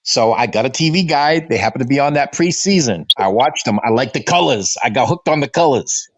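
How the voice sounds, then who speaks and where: A man in his fifties from the Boston area, hosting a fan livestream and telling stories from his childhood in a lively, animated way. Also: mid-range voice, fairly quick, no echo. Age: 50s. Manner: animated storyteller who acts out his father's voice. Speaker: fan podcast host. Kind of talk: casual storytelling chat. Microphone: remote stream call.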